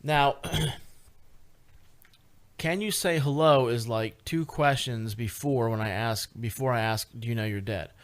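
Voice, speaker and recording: Radio guest, a man telling a ghost-hunt story, animated and halting, average pitch. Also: clear, resonant tone. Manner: animated, lots of fillers and restarts, rising excitement. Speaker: paranormal investigator guest. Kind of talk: casual radio interview storytelling.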